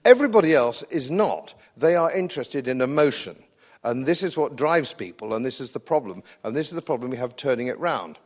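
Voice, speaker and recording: Animated and a little fast, a medium-pitched man with an English accent gives a live political speech at a public event. He's combative and sardonic, repeating phrases to hammer his points home.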